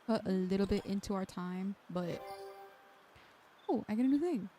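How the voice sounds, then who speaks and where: A woman's voice: mid-range voice, animated, moderate pace, mellow, faint music behind. A woman streamer chatting casually through gameplay, muttering to herself and swearing now and then.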